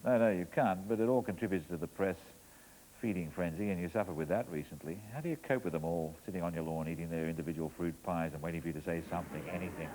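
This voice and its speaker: A man's voice: sits low, quick pace, a little mellow, slight background noise, rough recording. A man hosting a talk show, asking teasing, wry questions in a dry manner. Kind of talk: dry witty interviewing.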